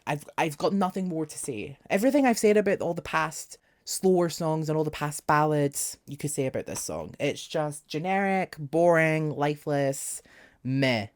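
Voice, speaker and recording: A man's voice: fairly high pitch, no room sound, clean studio sound. A young man talking casually as a music reviewer, sarcastic and exasperated, with jokey asides. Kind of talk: casual album review vlog.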